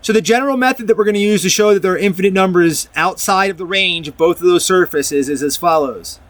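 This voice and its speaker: A man's voice: high voice, quick pace, fairly bright tone, dry recording. A man casually talking viewers through a math proof. He restarts his sentences and mixes reading from a document with loose comments. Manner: rambling, restarts often, reads from a document and comments. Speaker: math video presenter. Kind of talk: casual explanatory math lecture.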